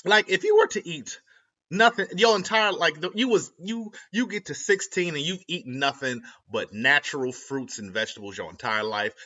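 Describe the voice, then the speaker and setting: Young adult man from Ohio, vlogger rambling to camera, bright lively voice, slangy and self-interrupting. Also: a little high. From Ohio, USA. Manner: animated, self-interrupting, slangy, laughs at his own jokes. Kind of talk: rambling casual monologue. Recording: lo-fi dull audio.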